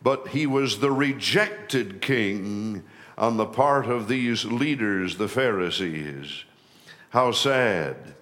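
A middle-aged man preaching a sermon as pastor, rising in pitch and volume to stress key phrases and slowing down for weight. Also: lively intonation, a bit bright.

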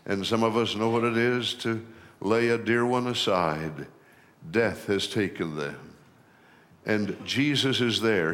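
The fairly bright voice of a middle-aged man preaching as pastor grows higher and louder to emphasize key phrases. He also slows his delivery to give words weight.

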